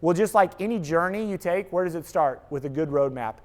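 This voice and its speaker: Guy with a pretty high voice giving an animated talk to a crowd, tells stories and does the quotes. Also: brisk. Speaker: speaker, apologetics teacher. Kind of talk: energetic church talk to an audience.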